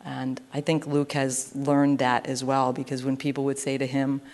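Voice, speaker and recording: A woman's voice: rumbling low, monotone, normal speed, a little mellow. A woman speaking earnestly and reflectively to an audience as a panel speaker. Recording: long hall reverb.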